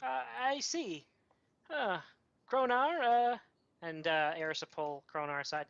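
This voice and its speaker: A woman playing a tabletop game, animated and excitable. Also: fairly low pitch, a little slow, no room sound, dull audio. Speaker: player.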